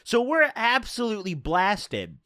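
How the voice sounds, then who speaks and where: A young man in his twenties spins a rambling, profane tale in a high, bouncy voice that swoops up and down. His tone is bright and sharp, and the sound is dry and close. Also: huge pitch swings, measured pace, no echo. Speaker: streamer. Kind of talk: casual storytelling.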